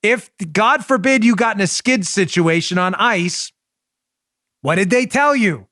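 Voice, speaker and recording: An emphatic, expressive man in his forties with a New York Queens accent hosts opinionated radio talk, speaking at a measured pace in a high voice with a sharp tone. He's rhetorical and addresses listeners directly. The sound is clean studio audio with no room sound.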